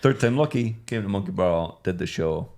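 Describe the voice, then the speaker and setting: A man, hosting an improvised comedy podcast and telling rambling stories in a deadpan way. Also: low-pitched, moderate pace. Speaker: podcast host.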